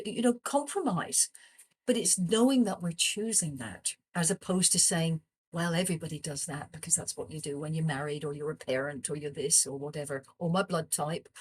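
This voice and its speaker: A woman's voice: medium pitch, husky. A woman, a psychologist, telling a personal story in conversation and acting out the people in it. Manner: animated storyteller, acts out quoted dialogue. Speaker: psychologist guest.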